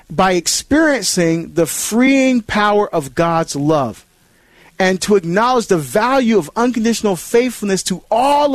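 A man hosting a call-in Catholic radio talk show, animated and halting, often repeating words as he goes. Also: high voice, dry recording.

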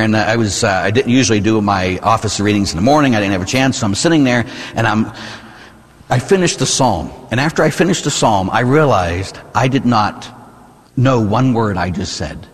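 A man's voice: on the low side, husky, in a large hall. A man from the United States, a Catholic priest, preaching a conversational sermon full of rhetorical "huh?" asides.

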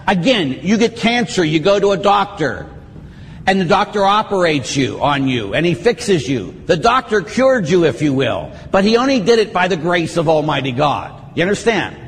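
Animated middle-aged priest in a reverberant hall. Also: male voice, sits high, normal speed, a little hiss or hum. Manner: lively, conversational, acts out penitents' lines. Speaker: Catholic priest. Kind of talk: teaching talk on confession.

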